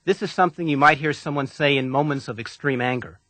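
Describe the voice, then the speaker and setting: Male instructor, scripted lesson read, patient and deliberate, bright tone, dry booth sound. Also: on the high side, no echo. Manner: calm, deliberate, patient coaching. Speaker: language instructor.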